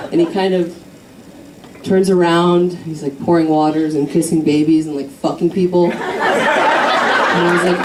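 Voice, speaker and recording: A woman's voice: on the low side, noisy background. A young woman doing a stand-up set on a club stage, telling a rambling, self-deprecating story with crude jokes while the audience laughs. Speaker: stand-up comedian. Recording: roomy club audio from a distance.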